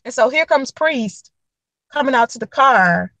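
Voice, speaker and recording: A young woman telling a dating story to camera in a blunt, profane, animated way, acting out the quotes. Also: high-pitched, unhurried, dry recording, rough recording. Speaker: vlogger giving dating advice.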